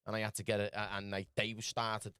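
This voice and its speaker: A man with a Scouse accent telling his story rapidly in casual podcast chat, peppered with lad and bro. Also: on the low side, level tone, pushed and bright, clean tone, no room sound, clean studio sound. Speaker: podcast guest.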